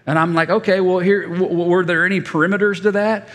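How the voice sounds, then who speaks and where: A man in his fifties preaching a sermon as a folksy storyteller, animated and given to stammered restarts. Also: sits high, fast talker. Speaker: pastor. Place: church sanctuary. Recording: reverberant church hall.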